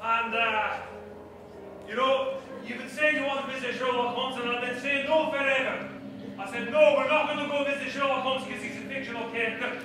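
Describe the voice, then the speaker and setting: High-voiced man on an echoey stage. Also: fairly even intonation, a little fast, far from the mic. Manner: playful, chatty, hesitant with many uhs. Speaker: improv performer setting up a scene. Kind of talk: improv theatre, talking to the audience. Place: theatre stage. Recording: echoey theatre from afar, music and crowd. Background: audience and music.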